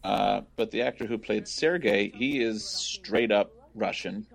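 A man speaking as a guest filmmaker on a podcast, relaxed and explaining behind-the-scenes details in casual film commentary. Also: lowish voice, a little slow, creaky.

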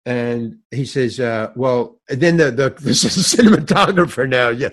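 An older man, a guest actor in an interview, tells a lively anecdote in a medium-pitched voice at normal speed with few pauses. He acts out the people in the story, laughs mid-sentence, and swears casually.

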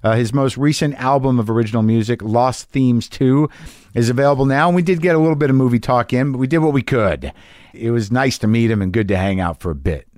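A man's voice: medium pitch, fast talker, darkish tone, dry recording, studio quality. A middle-aged man hosting a podcast, chatting loosely with lots of fillers and swearing. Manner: loose, profane, rambling with fillers. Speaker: podcast host. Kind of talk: casual podcast chat and ad read.

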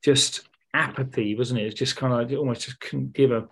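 A man's voice: medium pitch, fairly even intonation, brisk, creaky, husky. A man co-hosting a casual football podcast, talking in a rambling, hesitant way full of ums and restarts. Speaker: podcast co-host.

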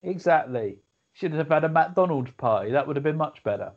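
A man, co-hosting a podcast and trading quick jokes in casual chat. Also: fairly high pitch, lively intonation, dull audio. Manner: jokey, quick quips. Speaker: podcast co-host.

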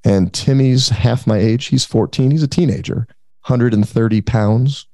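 A man's voice: mid-range voice, unhurried, dry recording, clean studio sound. A man in his thirties, a podcast guest, telling a story in casual talk and acting out the voices of the people in it. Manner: animated, acts out quoted voices.

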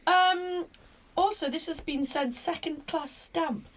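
A woman's voice: very high-pitched, slow pace. A woman from northern England in casual chat, telling a family story in a chatty, giggly way. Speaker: guest sharing a family postcard.

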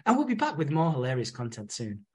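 A man's voice: medium pitch, huge pitch swings, quick pace, darkish tone, husky. A man reading as a cheery chatbot. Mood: chirpy. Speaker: podcast co-host. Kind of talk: scripted podcast outro.

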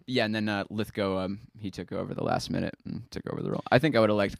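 A man talks quickly in a low, gravelly voice, chatting casually about a film with friends. The sound is dry and close, with no room in it. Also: no room sound. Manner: relaxed, laughs often, shares trivia. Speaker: podcast co-host. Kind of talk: casual chat.

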